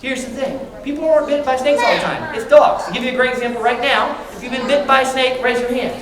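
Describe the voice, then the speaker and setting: Fast-talking trainer in an echoey hall. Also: sits high. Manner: energetic, calls out to the crowd and asks questions. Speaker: animal trainer presenting to a library audience. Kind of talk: lively live presentation to children. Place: large indoor hall with an audience. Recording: echoey hall, distant mic, noisy crowd.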